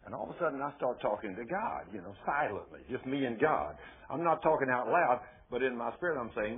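A man preaching a sermon as a story, folksy and emphatic with sudden loud bursts. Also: medium pitch, lively intonation, a little fast, gravelly, few pauses, breathy edge. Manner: folksy and emphatic, often rising to loud exclamations. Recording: tinny phone-like sound.

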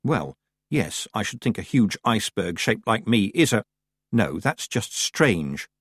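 A man's voice: fairly low pitch, sing-song, a little slow, slightly rough, dry recording, clean studio sound, exaggerated voice. A man reading an audiobook, voicing an earnest, stubborn young witch girl. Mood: thoughtful. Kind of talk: audiobook character voice.

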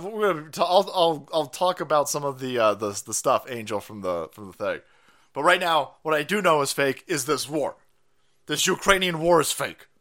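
A man's voice: a little high, sharp tone. A man hosting a live stream, ranting in a profane, mocking way and laughing often.

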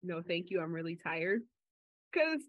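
A woman co-hosting a podcast in casual chat, telling stories in a chatty way and getting animated when she quotes people. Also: lowish voice, measured pace. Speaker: podcast co-host. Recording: slightly dull lo-fi audio.

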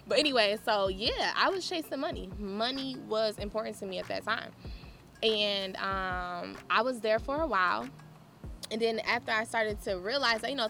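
A woman giving a candid, animated personal testimony, often laughing as she talks. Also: medium pitch.

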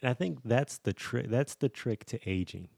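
Male co-host, deep dark gravelly voice, dry sound, casual chatter. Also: moderate pace, no echo. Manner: laughs often, relaxed and joking. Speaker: podcast co-host. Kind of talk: casual chat.

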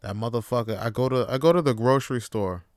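A man's voice: mid-range voice, expressive, quick pace, dry recording. A young man hosting a podcast who talks in a rambling, profane and blunt way, close to the mic. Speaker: podcast host. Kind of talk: casual monologue.

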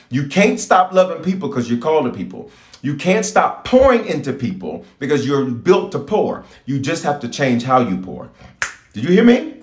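A man's voice: mid-range voice, reverberant. A man preaching a fervent livestream sermon as a bishop, repeating lines and urging his listeners on.

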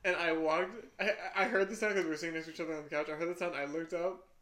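A woman's voice: lowish voice, steady tone, very fast, a bit bright, echoey room. A young woman co-hosting a podcast, telling a dramatic story in casual chat and laughing a lot. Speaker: podcast co-host.

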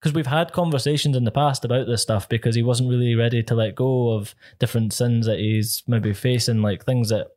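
A man's voice: mid-range voice, fairly even intonation, a little fast, few pauses, a little mellow. Earnest Scottish man telling a story. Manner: earnest, laughs often between phrases. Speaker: podcast co-host. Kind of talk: casual storytelling.

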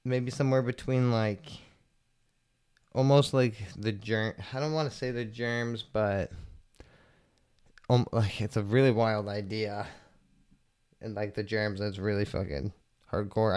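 A young man hosting a casual podcast, rambling and swearing a lot, stoned and relaxed, with lots of filler words. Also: on the low side, clear, resonant tone. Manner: rambling, profane, laid-back, lots of "like" fillers. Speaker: podcast host. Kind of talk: casual solo podcast chat.

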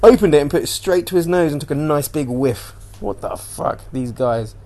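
A man's voice: a little high, brisk, mellow. A man hosting a casual solo podcast, rambling and swearing as he animatedly retells what he watched on TV. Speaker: podcast host.

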